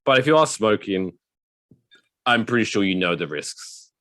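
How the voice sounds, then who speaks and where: A man's voice: lowish voice, expressive, moderate pace, a bit bright, dry recording. A man hosting a casual comedy podcast, rambling through a story and swearing freely. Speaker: podcast host.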